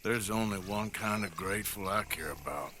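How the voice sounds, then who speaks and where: An actor playing a gruff frontier outlaw, speaking in a dry, drawling manner. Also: male voice, on the low side, normal speed, sharp tone, slight background noise. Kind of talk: video game cutscene acting.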